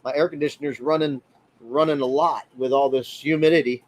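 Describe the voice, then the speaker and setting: Guy doing a chill livestream from his rv, friendly, says hi to everyone by name, middle pitch. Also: steady tone, fairly quick. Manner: friendly, chatty, greets viewers by name. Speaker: livestream host. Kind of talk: casual livestream chat reading comments.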